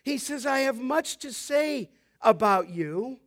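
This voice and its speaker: A pastor with a high voice preaches an emphatic expository sermon. He builds his points with repetition and swells in volume as he quotes scripture. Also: expressive, slow pace, a bit bright.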